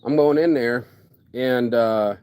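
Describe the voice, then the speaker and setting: Male vlogger with an animated, profane storytelling delivery, voicing every side of the exchange himself. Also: medium pitch, slow pace, clean tone, highs cut off. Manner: animated, acts out both sides of conversations, swears. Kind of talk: casual storytelling rant.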